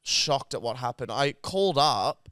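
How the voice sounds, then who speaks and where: Lively, expressive Australian man. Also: medium pitch, measured pace, no room sound, studio quality. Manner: animated, profane storytelling. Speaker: podcast co-host. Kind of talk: casual chat.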